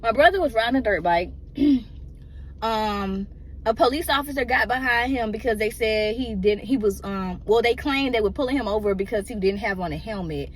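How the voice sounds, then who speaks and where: Emotional woman telling a story, raised pitch. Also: normal speed, slight background noise. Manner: emotional, rambling, addresses listeners as "y'all". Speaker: guest telling a personal story. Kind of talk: casual storytelling to an audience.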